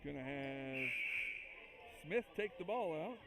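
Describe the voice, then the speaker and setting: Man, high-pitched voice, excitable school basketball play-by-play, chatty, noisy gym. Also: slow pace. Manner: excitable, chatty, jokes with the listeners. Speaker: play-by-play announcer. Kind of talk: amateur basketball commentary.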